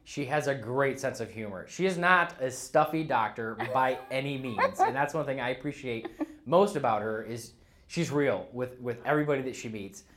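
A man's voice: mid-range voice, normal speed, fairly bright tone, a little hiss or hum. A man from Michigan hosting a podcast interview, enthusiastic and laughing easily, asking rambling questions. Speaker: podcast host.

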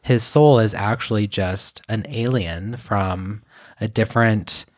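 A man's voice: lowish voice, no echo, studio quality. A man co-hosting a podcast, rambling through casual chat with lots of fillers and reading posts aloud. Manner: rambling, filler-heavy, slow and musing. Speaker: podcast co-host.

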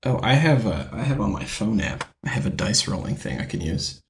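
A man's voice: lowish voice, lively intonation, brisk. A man playing a comedy tabletop game, eager and questioning, stammering now and then. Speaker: player.

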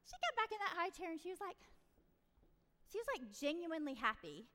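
A middle-aged woman giving parenting advice in a chatty, animated storytelling way. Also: extremely high pitch, brisk. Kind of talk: casual advice talk. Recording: reverberant room.

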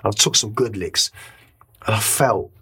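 Low husky guy rambling thru a story, lots of restarts, swears a bit. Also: moderate pace, pushed and bright. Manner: swears casually. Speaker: interview guest. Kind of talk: casual interview storytelling.

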